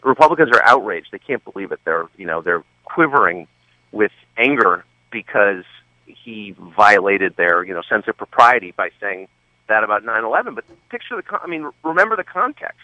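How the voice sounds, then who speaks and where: A man guesting on a talk radio show, speaking in an animated, sardonic way and tossing in wry asides about politics. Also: fairly low pitch, moderate pace, dry recording. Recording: dull lo-fi line, dry.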